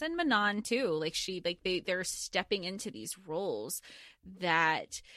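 A woman's voice: fairly low pitch, no room sound, clean studio sound. A woman co-hosting a podcast, talking casually and animatedly about a book, swearing freely and filling with likes and you knows. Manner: animated, swears freely, lots of filler words. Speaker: podcast co-host.

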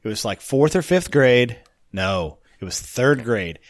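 A man co-hosting a podcast, chatting casually, laughing often and tossing in quick asides. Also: mid-range voice, expressive. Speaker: podcast co-host. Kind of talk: casual chat.

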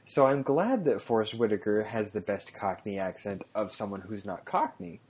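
A man with a fairly low voice rants in loose, animated podcast chat. He swears often and piles on exaggeration as he talks about films. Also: moderate pace, slight background noise. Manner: animated, ranting, swears freely. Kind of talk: casual chat.

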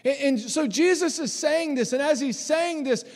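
A man in his thirties, a pastor preaching a sermon on a church stage, animated and emphatic, acting out voices and repeating lines for effect. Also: extremely high pitch, normal speed, big-room sound. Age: 30s.

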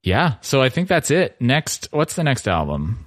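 A man's voice: medium pitch, big pitch swings, normal speed, no room sound, studio quality. A man co-hosting a podcast in casual chat, joking and sarcastic. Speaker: podcast co-host.

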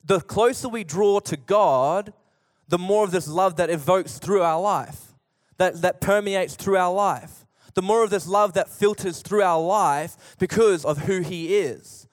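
A young man preaching a sermon as pastor, telling stories with lively acted-out voices. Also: high voice, a little slow. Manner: animated storytelling preacher, acts out voices in anecdotes. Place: church auditorium. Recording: long reverb of a church hall.

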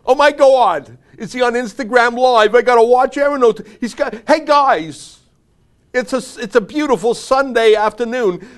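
A man's voice: extremely high pitch, brisk, hardly any pauses, darkish tone, voice pushed up. A man voicing an overexcited male fan gushing over a livestream in a breathless, squealing way.

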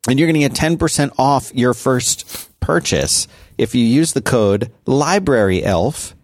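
A man co-hosting a podcast, reading a sponsor spot and chatting casually with short, relaxed replies. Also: mid-range voice, a little slow, no room sound, clean studio sound. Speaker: podcast co-host. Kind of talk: casual chat and ad read.

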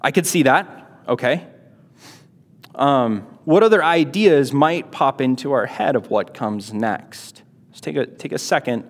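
A man giving a casual Bible lesson, reading passages aloud and explaining them in a chatty way with rhetorical questions. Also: fairly high pitch. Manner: conversational, rhetorical questions, many fillers. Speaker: Bible teacher. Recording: long hall reverb.

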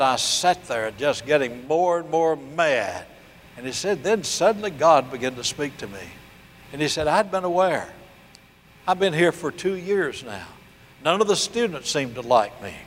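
An older man preaching a sermon, telling a story and acting out the voices, slowing down to stress key points. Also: medium pitch, long reverb tail, a little hiss or hum. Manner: storytelling preacher, acts out dialogue, slows for emphasis. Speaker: pastor.

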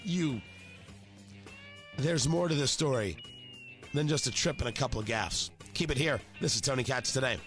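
Emphatic talk host with a sore throat. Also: male voice, mid-range voice, normal speed, long pauses, a bit bright, soft background music. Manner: emphatic, mocking, punchy phrasing. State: has a cold and a sore throat. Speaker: radio talk show host. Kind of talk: opinionated political monologue.

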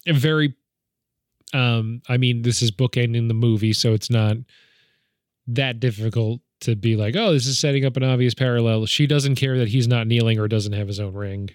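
A man co-hosting a podcast chats casually about a movie, rambling and acting out its lines with laughs. His mid-range voice has fairly even intonation and normal speed, recorded in studio quality with no room sound.

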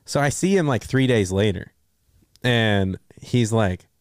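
A man co-hosting a podcast, chatting casually about movies and acting out quotes in an animated way. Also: on the low side, measured pace, smooth, no room sound, studio quality. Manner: animated storyteller, acts out quotes. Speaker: podcast co-host. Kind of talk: casual movie review chat.

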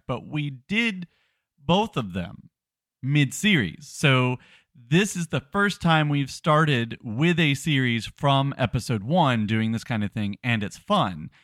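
A man's voice: medium pitch, expressive, takes it slowly, a bit bright, no echo. Rambling man with a dry close mic. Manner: rambling, self-deprecating, frequent restarts. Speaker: podcast co-host. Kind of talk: casual chat. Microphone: podcast microphone.

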